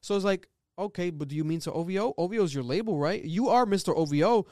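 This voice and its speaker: Animated man in casual podcast chat; high, smooth, dry close sound. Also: dry recording. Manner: animated, laughs often, quick rambling asides.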